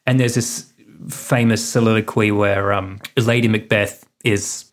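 A man telling stories in lively casual chat, swearing freely. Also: lowish voice, measured pace. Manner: animated, swearing, tells stories. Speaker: podcast co-host.

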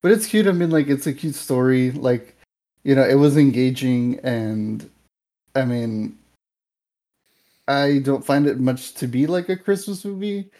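Young male podcast co-host, relaxed dark tone, loose and filler-heavy. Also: mid-range voice, a little slow. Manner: rambling, filler-heavy, animated retelling. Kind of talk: casual movie review chat.

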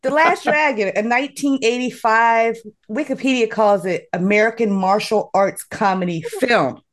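A woman hosting a casual podcast chat, summarizing a movie in a playful, animated way with frequent laughs. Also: on the high side, normal speed. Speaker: podcast host.

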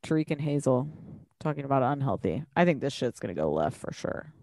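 A woman co-hosting a podcast in casual chat, animated and profane, laughing often. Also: rumbling low, fairly quick, dry recording, clean studio sound. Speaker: podcast co-host.

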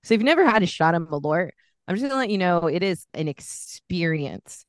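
A woman from California, co-hosting a podcast and telling lively stories in a casual chat. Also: lowish voice, brisk, dry recording, clean studio sound. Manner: chatty, animated anecdotes with laughter. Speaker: podcast co-host.

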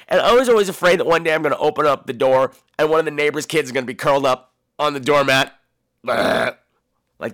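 Animated, campy male podcast host. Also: medium pitch, no echo, studio quality. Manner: animated, profane storytelling; campy, theatrical delivery. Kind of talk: casual monologue.

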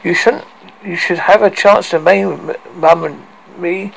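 A man's voice: sits high, fairly even intonation, moderate pace, creaky, slight background noise, rough recording. A man voicing a worried father who earnestly warns his children in a horror story.

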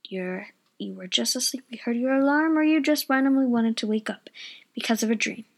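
A young woman tells a story in a chatty, wandering way, often losing her thread. Her voice sits high. She talks casually from her bedroom at home. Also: brisk, creaky. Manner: rambling, chatty, loses her train of thought. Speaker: vlogger.

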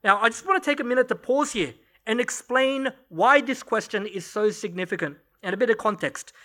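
Bright-voiced male pastor preaching. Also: sits high, fairly quick. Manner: conversational, storytelling with light laughs. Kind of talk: sermon. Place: church service.

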